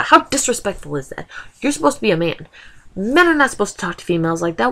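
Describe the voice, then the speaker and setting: A woman's voice: high-pitched, sing-song, fast. A woman in her twenties ranting in a casual vlog, exasperated and full of rhetorical questions. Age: 20s. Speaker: vlogger.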